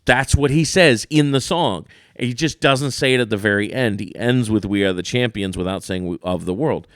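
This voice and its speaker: A man co-hosting a podcast in casual chat, animated and dismissive as he rants. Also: fairly low pitch, normal speed, no echo, clean studio sound. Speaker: podcast co-host.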